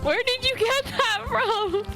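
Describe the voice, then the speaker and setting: A woman co-streaming a game, reading character lines aloud slowly and deliberately. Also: very high voice, pushed and bright, soft background music. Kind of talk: live-stream game playthrough with voiced lines.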